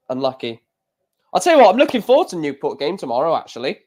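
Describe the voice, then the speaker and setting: A high-pitched man calls the darts scores in a casual live reaction stream. He rambles between throws, restarting sentences, and gets excitable as he talks about his football club. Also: quick pace.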